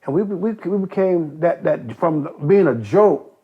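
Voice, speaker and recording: An older man from Compton, California, telling stories as an interview guest, animated and swearing freely. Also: a little high, measured pace, breathy edge. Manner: animated, acts out quoted voices, swears freely. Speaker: interview guest, youth basketball coach. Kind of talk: casual storytelling. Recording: dull lo-fi recording.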